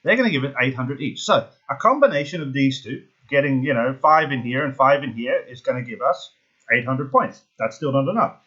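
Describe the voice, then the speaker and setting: Excitable gaming host, husky voice, dull lo-fi recording, talks through sums aloud. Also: male voice, medium pitch, brisk. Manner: excitable, jokey, thinks aloud while calculating. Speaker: gaming YouTuber. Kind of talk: casual game strategy walkthrough.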